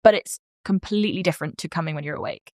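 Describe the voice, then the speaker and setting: A woman's voice: on the low side, fast, darkish tone, no echo, studio quality. A woman comedian, guesting on a podcast, chatting frankly and playfully and laughing often. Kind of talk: casual podcast chat.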